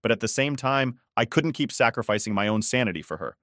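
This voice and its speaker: A man's voice: medium pitch, expressive, quick pace, a bit bright, no room sound, clean studio sound. A man in his forties narrating a first-person story in a weary, resentful way.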